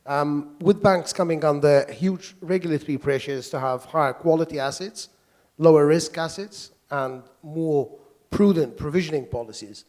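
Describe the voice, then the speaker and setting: A man, a lawyer on a conference panel, speaking in a measured, formal way with frequent fillers and restarts. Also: a little high, a little mellow. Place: conference workshop.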